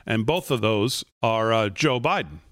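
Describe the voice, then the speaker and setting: A man's voice: fairly low pitch, animated, measured pace, a bit bright, dry recording, clean studio sound. A man hosting a political talk show, reading messages aloud and going through his points one by one. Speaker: host. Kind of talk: political commentary.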